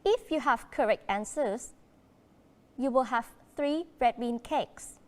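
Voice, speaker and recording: A woman with a Vietnamese accent teaching a primary school English lesson, slow and encouraging, switching between English and Vietnamese. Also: fairly high pitch, a little mellow. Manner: slow, encouraging classroom delivery.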